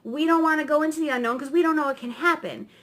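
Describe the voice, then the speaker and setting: Fretful pleading cat, as a woman puts it on, high and rushed. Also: a bit bright. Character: clingy anxious cat, comfort-zone pleader.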